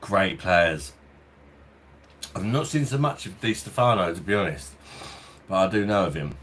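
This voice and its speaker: Here the South East London man, Cockney in accent, is again chatting loosely through a beer review streamed from his hot home, fan on, chuckling frequently. His voice is deep and fairly bright, with lively intonation at a normal pace and slight background noise.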